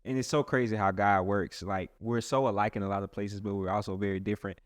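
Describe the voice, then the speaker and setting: A man's voice: lowish voice, fairly even intonation, fast talker, dry recording, studio quality. A man who is a pastor, talking earnestly and casually in a rambling way with many restarts. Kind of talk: casual podcast chat.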